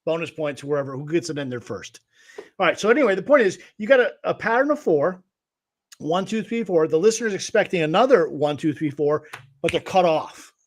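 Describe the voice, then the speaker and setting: A man's voice: on the high side, sing-song, fairly quick. A man teaching guitar rhythm on a livestream, patiently explaining and counting beats aloud. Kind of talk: livestream music lesson.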